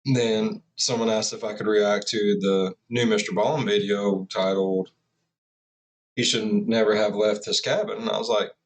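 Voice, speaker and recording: A man's voice: lowish voice, fairly even intonation, normal speed, low-quality recording. A man hosting a reaction video, talking casually and joking around between clips. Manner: joking, rambling, laughs often. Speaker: reaction channel host.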